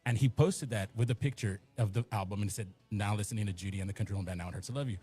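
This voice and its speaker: A man's voice: fairly low pitch, racing, mellow, breathy edge, soft background music. A middle-aged man from the Rio Grande Valley, telling rambling stories in casual chat and acting out the quotes. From Rio Grande Valley, Texas. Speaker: musician and radio guest.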